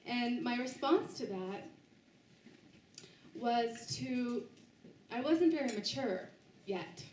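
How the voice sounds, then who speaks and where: A woman's voice: a little high, animated, a little mellow, reverberant, distant mic, a little hiss or hum, rough recording. A woman giving a book talk to a live audience, sharing a personal story with many restarts and fillers. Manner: halting, with frequent restarts and fillers. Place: bookstore event space, indoors.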